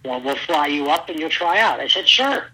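Animated husky bright-voiced man telling stories. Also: on the high side, brisk, low-quality recording. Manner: animated storyteller, acts out quotes loudly. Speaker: guest, former pro wrestler. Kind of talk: storytelling interview.

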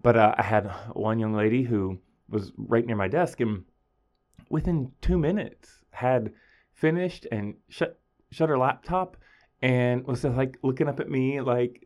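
A man, a high school teacher telling a story in a casual podcast monologue, acting out his students in a higher voice. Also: moderate pace, a little mellow.

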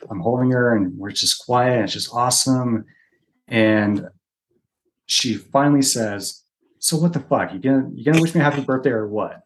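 A man in his forties, a podcast guest, telling a story in casual conversation and acting out the quotes. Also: mid-range voice. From Utah. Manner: animated, chatty storyteller who acts out quotes.

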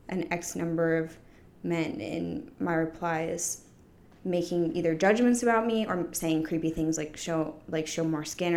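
A woman in her twenties co-hosting a podcast, talking casually in a flat, monotone way. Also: lowish voice. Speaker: podcast co-host. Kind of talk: casual chat.

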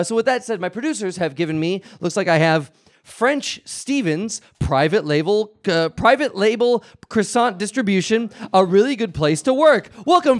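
A man hosting a live improv comedy show, talking in a blustering way and stumbling into restarts. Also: high voice. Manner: animated, blustering, stammering restarts. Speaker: show host.

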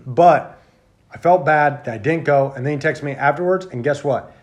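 A man's voice: fairly high pitch, moderate pace. A man hosting a casual podcast chat, blunt and emphatic, swearing often. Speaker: podcast host.

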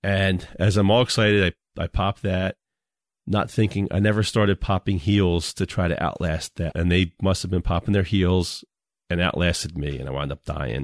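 Deep-voiced laid-back man. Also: steady tone, normal speed, no room sound, clean studio sound. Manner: laid-back storyteller, chuckles often. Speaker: podcast co-host. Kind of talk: casual podcast chat.

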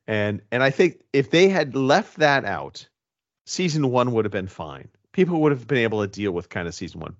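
A man's voice: on the low side, highs cut off. A man co-hosting a casual podcast chat, rambling with many restarts and the odd swear word. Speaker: podcast co-host.

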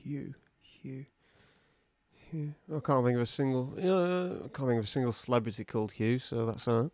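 A man co-hosting a podcast, improvising a playful comic story with sudden loud silly voices. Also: medium pitch, moderate pace. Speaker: podcast co-host.

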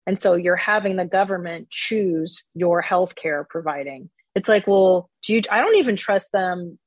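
Husky, blunt woman comedian. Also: on the low side, moderate pace, dry recording. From born outside the country, immigrant parents. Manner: candid, profane, acts out voices of people she quotes. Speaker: stand-up comedian, guest. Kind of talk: casual interview chat.

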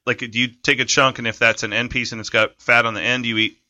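A man talking casually as a regular guest in a studio podcast, joking and quick to laugh. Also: mid-range voice, level tone, bright, forceful tone, no echo.

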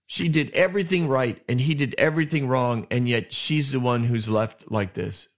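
A man hosting a podcast, retelling Bible stories in a casual, animated way and acting out the characters' lines. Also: medium pitch, moderate pace. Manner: animated retelling with acted asides. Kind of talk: casual storytelling. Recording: dull lo-fi sound.

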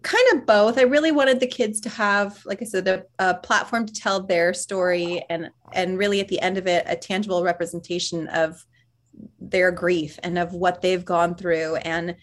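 A woman guest speaking earnestly and reflectively in an interview, laughing softly between thoughts. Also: fairly low pitch, steady tone, normal speed. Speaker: author and parent guest. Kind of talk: conversational interview.

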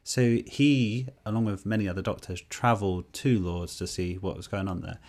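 A man co-hosting a podcast, telling a story in a casual conversational way, with animated stops and restarts. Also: lowish voice, normal speed. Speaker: podcast co-host.

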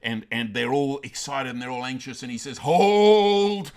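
A male pastor preaching a sermon emphatically, swinging from loud bursts down to quiet, intense lines. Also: medium pitch, flat delivery, a little fast.

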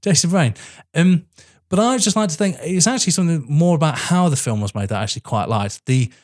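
A man co-hosting a casual film podcast, talking about a horror movie with emphatic, excitable delivery. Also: fast. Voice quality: animated, emphatic, rising pitch when excited. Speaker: podcast co-host. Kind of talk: casual film review chat.

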